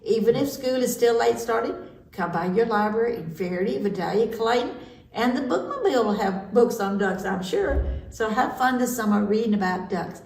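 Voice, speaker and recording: A woman's voice: fairly high pitch, animated, normal speed, creaky, a little mellow. A woman librarian reading a story to children in a homey, chatty way. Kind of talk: storytime reading and personal anecdote. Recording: echoey room, mic at a distance.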